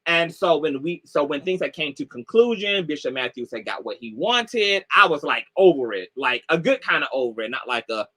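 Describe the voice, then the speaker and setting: A man's voice: fairly high pitch, big pitch swings, normal speed, few pauses, sharp tone. A man commentator casually recounting a story on a livestream call, talking loosely with lots of "like" and "y'all". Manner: loose, chatty, heavy on "like" and "y'all". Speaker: online commentator.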